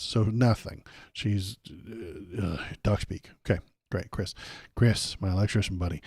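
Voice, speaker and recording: Male livestream host with a lowish voice, dry close sound, rambling sardonic commentary full of fillers. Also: a little slow, a little mellow, husky, no room sound. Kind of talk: casual live commentary.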